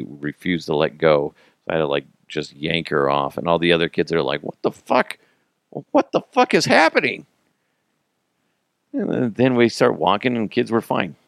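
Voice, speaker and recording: A man's voice: rumbling low, fairly even intonation, a little fast, gravelly, no echo, studio quality. A man in his thirties hosting a casual podcast, telling rambling, self-mocking stories, acting out quotes and swearing. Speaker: podcast host.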